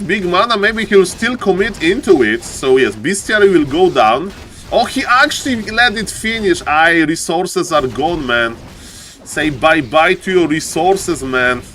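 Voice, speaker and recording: Guy casting a strategy game live, hyped, keeps saying ladies and gentlemen, bit high voiced. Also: slight background noise. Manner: excitable, repeats phrases, often says "ladies and gentlemen". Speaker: esports caster.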